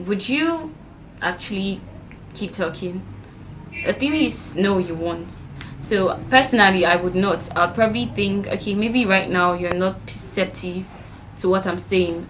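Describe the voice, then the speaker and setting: A woman's voice: mid-range voice, slight background noise, low-quality recording. A young woman giving self-improvement tips to camera in a chatty way, acting out little quoted exchanges. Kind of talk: casual talk-to-camera advice.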